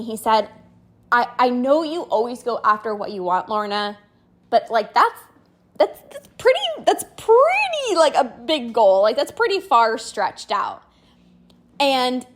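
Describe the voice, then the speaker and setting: A young woman with a high voice talks straight to her listeners in a personal podcast monologue. She is earnest and close to tears, and her sentences are full of "like" and "you know". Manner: tearful, earnest, many fillers like "like" and "you know". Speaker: podcast host and binge eating coach. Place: outdoors on a walk.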